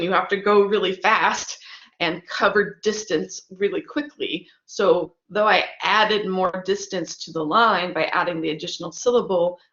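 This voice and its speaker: A woman's voice: lowish voice, fairly bright tone. A woman teaching about her own sonnet, explaining rhyme and meter and tapping out the rhythm syllable by syllable. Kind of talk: lecture on poetic meter. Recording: echoey room, dull lo-fi sound.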